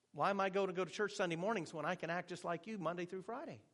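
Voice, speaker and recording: A man's voice: sits high, brisk, fairly bright tone. A man voicing a scornful grown male skeptic who mocks in a sarcastic tone. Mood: mocking. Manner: sarcastic, mocking.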